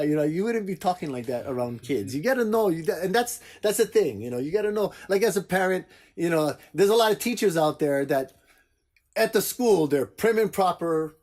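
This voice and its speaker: Older guy hosting a podcast, talks big and animated, jumps all over in pitch, laughing as he tells stories. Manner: animated storyteller, laughs often, acts out quotes. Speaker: podcast host. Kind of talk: casual chat.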